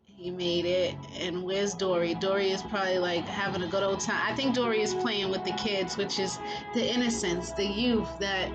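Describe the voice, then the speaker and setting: A woman's voice: mid-range voice, steady tone, moderate pace, over loud music, low-quality recording. A woman giving casual spiritual commentary as a vlogger, rambling and leaning heavily on filler phrases. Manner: rambling, heavy on "you know" fillers.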